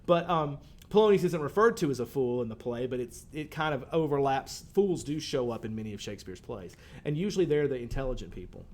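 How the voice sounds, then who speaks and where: A man's voice: mid-range voice, lively intonation, fairly quick, few pauses, a little mellow. A male teacher, talking students through a poem in a conversational way, with fillers and lines read aloud. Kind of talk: recorded poetry lesson for students.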